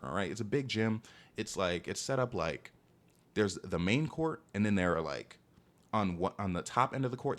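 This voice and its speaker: A young man telling a personal story in a casual, exasperated storytime monologue, constantly saying "bro". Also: fairly low pitch. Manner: animated, exasperated, peppers speech with "bro".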